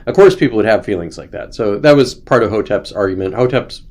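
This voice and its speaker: A man's voice: on the low side, fast, a little mellow. A young man hosting a casual livestream, rambling through commentary with sarcasm and mocking put-on voices. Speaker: host.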